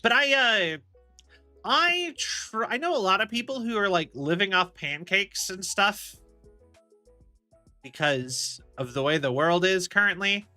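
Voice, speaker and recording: A man's voice: sits high, lively intonation, a little slow, bright, forceful tone, faint music behind. A man streaming a game, chatting casually and rambling with frequent laughs. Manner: rambling, chatty, laughs often, many restarts. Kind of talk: casual chat while gaming.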